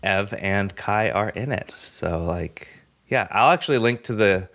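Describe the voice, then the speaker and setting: A man's voice: lowish voice, measured pace, a bit bright. A man hosting a podcast in casual chat, with a wry, dry sense of humor. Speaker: podcast host.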